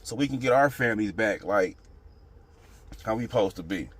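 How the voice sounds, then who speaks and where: A man with a notably low voice talks straight to his channel's viewers in an unscripted opinion monologue. He rambles, circles back on his points, and leans on slang and the same filler phrases again and again. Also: expressive, normal speed, a bit bright, husky. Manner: rambling, street slang, repeats "you know what I'm saying". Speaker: channel host.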